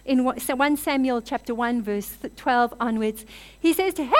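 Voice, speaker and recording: A woman delivers a sermon with a fairly high voice. She tells scripture stories in an animated way and drops in chatty asides. Her delivery mixes teaching with lively retelling. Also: moderate pace, very noisy. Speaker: preacher.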